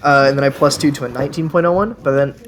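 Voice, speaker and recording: A man's voice: mid-range voice, rapid-fire, a bit bright, a little hiss or hum. A young man giving casual voice-over commentary, chatty and self-deprecating, often laughing at himself. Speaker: vlogger.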